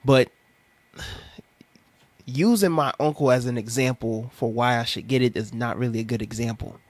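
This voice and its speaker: A young man ranting in an animated, sarcastic, preachy vlog monologue. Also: mid-range voice, normal speed, dry recording. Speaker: commentary vlogger.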